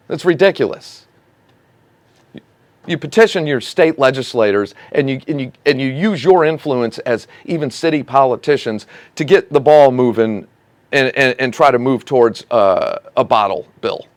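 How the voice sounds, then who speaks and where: A man's voice: mid-range voice, no room sound. A man hosting a casual local politics show, ranting with sarcasm and indignation about his city council. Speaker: host of a local commentary show.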